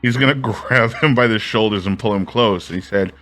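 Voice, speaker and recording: A man's voice: lowish voice, fairly quick, a bit bright, faint music behind. A man playing a tabletop game who swears and jumps in and out of his character's voice. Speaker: player. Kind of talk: tabletop role-play.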